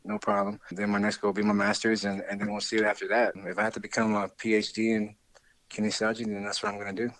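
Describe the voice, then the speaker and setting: A man's voice: lowish voice, monotone, fast, a bit bright, no echo. A man, chatting casually as an interview guest, friendly and rambling with restarts. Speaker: guest, scholarship winner.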